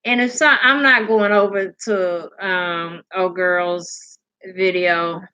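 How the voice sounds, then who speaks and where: A woman's voice: fairly low pitch, fairly even intonation, slow, pushed and bright, clear, resonant tone, muffled recording. A sleepy woman hosting a casual live stream, rambling, laughing and answering comments from her chat.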